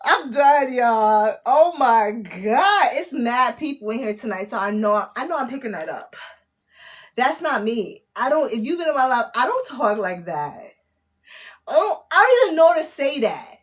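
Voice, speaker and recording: A woman, chatting on a live stream as a spiritual reader, laughing often, loud and disbelieving, full of slang. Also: sits high, very animated, a little slow. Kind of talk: casual live-stream chat.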